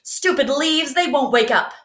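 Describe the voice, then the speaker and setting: Woman playing a pushy capybara bully, high and loud, storybook style, echoey room. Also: big pitch swings, extremely slow, exaggerated voice. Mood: grumpy. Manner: loud and bossy. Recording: roomy echo.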